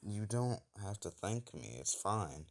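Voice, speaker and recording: A man as a calm reassuring young hero. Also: lowish voice, slow, exaggerated voice. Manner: gentle, reassuring. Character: calm young man comforting scared children.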